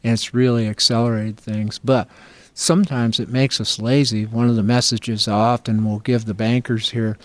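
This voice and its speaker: A man's voice: mid-range voice, level tone, normal speed, no echo. An older man from upstate New York answering interview questions about farm finance in an earnest, folksy, storytelling way. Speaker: agricultural finance professor.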